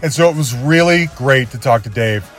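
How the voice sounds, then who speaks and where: A man's voice: mid-range voice, moderate pace, a bit bright, soft background music. A man hosting a podcast and introducing an episode on his own, rambling and self-deprecating. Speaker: podcast host.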